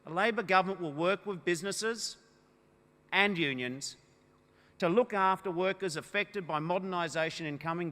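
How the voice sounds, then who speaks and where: A high-voiced Australian man addresses delegates in a large conference hall, his voice sharp and forceful as it rings through long reverb. He speaks in emphatic oratory that swells into loud, punchy declarations. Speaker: political party leader. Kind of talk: rousing political conference speech.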